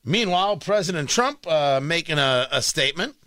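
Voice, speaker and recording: Emphatic high-voiced talk radio host man. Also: animated, moderate pace, heavy background noise. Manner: emphatic, combative, repeats lines for punch. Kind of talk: opinionated talk radio monologue.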